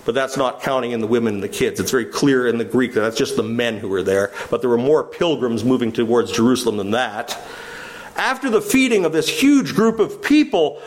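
Lively high-voiced male preacher. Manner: teaching, asks the listeners questions and answers them. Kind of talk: sermon.

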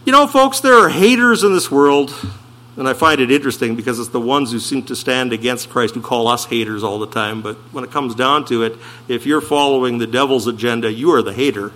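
A man preaching a sermon as pastor, stressing slowed phrases and asking rhetorical questions. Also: mid-range voice, a bit bright.

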